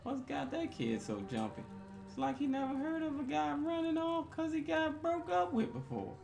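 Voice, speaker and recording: A man plays a folksy, gossipy cafeteria worker in a horror game, a slow drawl with a gravelly edge and a lively, bouncing pitch. Game music plays loudly underneath. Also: heavily acted. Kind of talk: reading a game character aloud.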